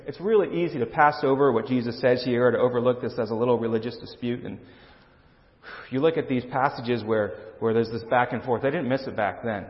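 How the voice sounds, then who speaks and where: A man preaching a sermon as pastor, earnest and emphatic, often restarting his words. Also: mid-range voice. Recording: dull lo-fi sound with long reverb in a hall.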